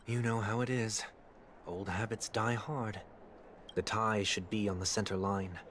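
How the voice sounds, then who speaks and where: An actor voicing a formal, proud young man seeking atonement, speaking in a measured, orderly way, with music behind. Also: on the low side, steady tone, a little hiss or hum. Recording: game audio with loud music behind.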